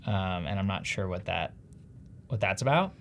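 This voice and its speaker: A man's voice: low-pitched, sing-song, normal speed, creaky, fairly bright tone. A man with a New Jersey accent, co-hosting a casual live stream in an upbeat, chatty, self-deprecating way. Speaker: livestream co-host.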